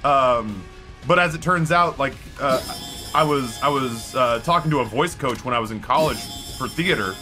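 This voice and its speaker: A man's voice: medium pitch, moderate pace, pushed and bright, soft background music. An American man streaming, chatting casually with his viewers in a rambling way, often stopping and restarting his sentences. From United States. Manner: rambling, self-interrupting with many restarts.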